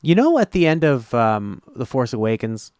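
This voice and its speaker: A man's voice: mid-range voice, very animated, moderate pace, a little mellow, clear, resonant tone, no room sound, clean studio sound. A man co-hosting a casual film review chat, blunt and profane, laughing easily.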